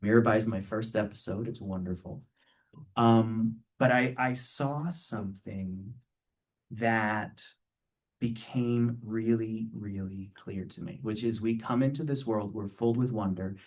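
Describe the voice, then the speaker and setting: A man's voice: fairly low pitch, fairly even intonation, unhurried, distant mic. A man giving a conversational spiritual talk to a live audience, playful and earnest, often checking in with a rhetorical "right?".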